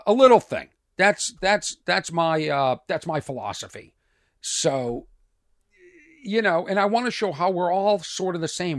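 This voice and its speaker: Reflective podcast host, dry close sound. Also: male voice, on the high side, no echo. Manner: halting, reflective, with restarts. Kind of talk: casual commentary on a news clip.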